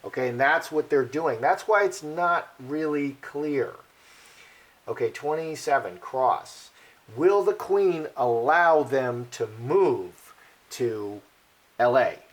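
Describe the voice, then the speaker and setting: A man of middle pitch talks through a card reading in a loose, conversational way. He circles back on his points, repeats phrases and thinks aloud as he goes. The delivery is chatty and unscripted rather than polished. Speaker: card reader. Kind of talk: casual card-reading commentary.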